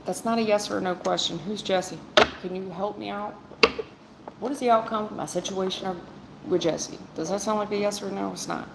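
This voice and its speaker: Blunt tarot reader woman, gravelly voice. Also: mid-range voice, steady tone, moderate pace. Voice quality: blunt, sarcastic-sounding delivery. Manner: talks straight to chat viewers, calls them baby and hon. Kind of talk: blunt casual livestream chat. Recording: echoey room with clear background noise.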